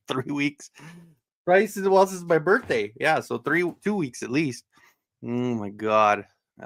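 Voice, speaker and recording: A man's voice: mid-range voice, creaky, fairly bright tone, dry recording, clean studio sound. A man from Southern Colorado hosting a livestream, greeting his chat in a loose, joking way with casual swearing. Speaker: livestream host.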